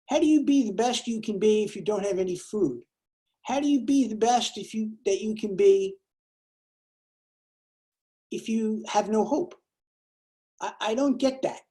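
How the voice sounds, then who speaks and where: A woman speaks to her congregation in a plain, conversational lay sermon. She pauses and restarts now and then. Her tone is mellow and rather dark, at an ordinary pitch. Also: rough recording. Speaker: lay worship leader. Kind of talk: lay sermon with a told joke.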